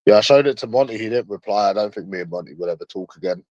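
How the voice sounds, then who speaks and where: A man's voice: on the low side, rapid-fire, a little mellow, dry recording, dull audio. A man streaming alone, rambling in a casual, mocking monologue full of swearing. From London. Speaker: livestreamer.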